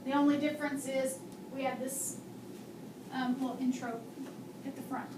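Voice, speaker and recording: A woman's voice: high voice, little pitch movement, moderate pace. A woman teaching a classroom phonics and handwriting lesson, patiently quizzing her students and modeling sounds. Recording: echoey room, mic far off, faint hum.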